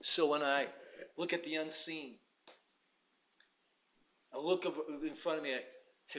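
A man preaching a sermon, dropping to hushed asides and rising to shouted emphasis. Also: fairly high pitch, fairly even intonation, measured pace, pauses often.

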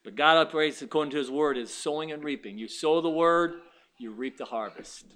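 Animated preacher man with a bright voice. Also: fairly quick. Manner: storytelling, swings from quiet asides to loud high exclamations. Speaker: pastor. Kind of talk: sermon.

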